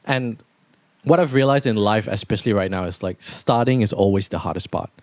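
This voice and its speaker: A young man hosting a podcast, talking in a relaxed, rambling way with lots of fillers. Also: lowish voice, a little fast, dry recording. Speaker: podcast host. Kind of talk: casual podcast chat.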